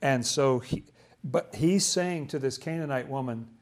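A man's voice: medium pitch, a little slow, darkish tone. A man leading a casual Bible study, explaining passages with enthusiasm and asking questions as he goes.

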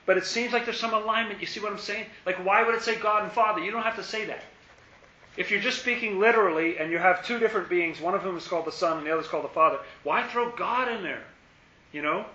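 A man's voice: sits high, fast, sharp tone. A man leading an informal Bible study, thinking aloud and asking rhetorical questions. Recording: roomy, dull lo-fi recording.

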